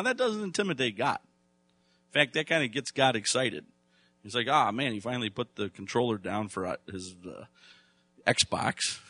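A man preaching a sermon to his congregation, speaking conversationally and then rising to loud, emphatic bursts. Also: medium pitch, dry recording. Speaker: pastor.

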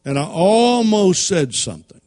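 A man preaching a sermon through folksy, animated personal stories and laughing at his own tales. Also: sits high, unhurried. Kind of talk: sermon storytelling.

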